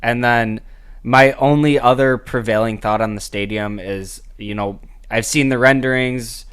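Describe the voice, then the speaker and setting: Smooth-voiced, laid-back man. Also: medium pitch, steady tone, measured pace, a bit bright. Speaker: podcast co-host. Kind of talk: casual chat.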